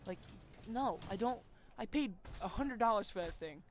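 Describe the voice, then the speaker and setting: High-voiced young man telling a story. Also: expressive, moderate pace. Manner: rambling, swears a lot, many "like" fillers. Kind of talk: casual storytelling.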